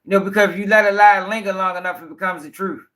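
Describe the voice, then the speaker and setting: A man's voice: high-pitched, fairly even intonation, fast, pushed and bright. A man hosting a livestream commentary show, talking bluntly and profanely and firing back directly at viewers in the chat.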